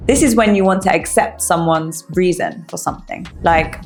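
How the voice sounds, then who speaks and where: A woman English teacher giving a scripted language lesson, with clear, upbeat delivery. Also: lowish voice, normal speed, echoey room, faint music behind.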